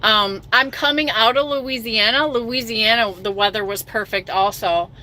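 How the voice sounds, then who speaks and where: A woman's voice: a little high, moderate pace, pushed and bright. A middle-aged woman trucker hosting a casual livestream chat, self-mocking and reading viewer comments aloud.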